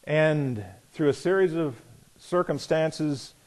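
A middle-aged man preaching a personal testimony, telling his story with swings from loud excitement to hushed quiet. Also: fairly high pitch, slow pace. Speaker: pastor. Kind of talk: sermon testimony.

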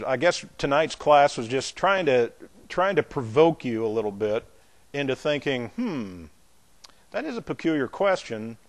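A pastor, a man, teaching a Bible class in a loose, conversational way, with restarts and asides to his students. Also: mid-range voice. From not from the American South.

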